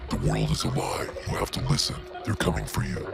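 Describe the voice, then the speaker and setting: Man doing a muffled tv-static voice, whispering urgently, deep, sweeping wildly up and down, music underneath. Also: huge pitch swings, a little fast, gravelly, exaggerated voice. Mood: urgent pleading. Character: muffled desperate male voice through TV static. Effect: muffled through television static.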